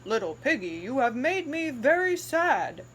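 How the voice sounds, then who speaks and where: A woman's voice: high voice, big pitch swings, measured pace, a little hiss or hum. A woman voicing a father pig in a picture book, in a mock-gloomy manner. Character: grumbling father pig, adult male.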